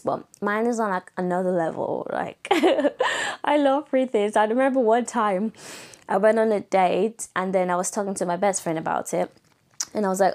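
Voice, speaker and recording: A young woman with a raspy voice, hosting a casual solo podcast in a chatty, playful way, laughing often. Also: mid-range voice, darkish tone. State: voice going raspy. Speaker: podcast host.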